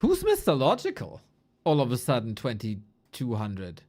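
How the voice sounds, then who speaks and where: A woman's voice: extremely low pitch, huge pitch swings, moderate pace, a little mellow. A woman esports caster chatting casually on a live stream, loose and playful, swearing and chuckling as she goes through rankings.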